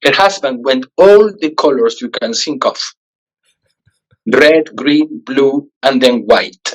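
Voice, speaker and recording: Man telling a story with animated quoted voices. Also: medium pitch, poor audio. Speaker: interview guest. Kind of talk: storytelling in an interview.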